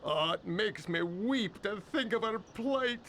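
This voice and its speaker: A man's voice: high voice, expressive, takes it slowly, bright, forceful tone, slight background noise, heavily acted. A flowery, fawning old man. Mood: pleading. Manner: flowery, eager to please, dramatic gasps. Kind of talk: video game voice acting.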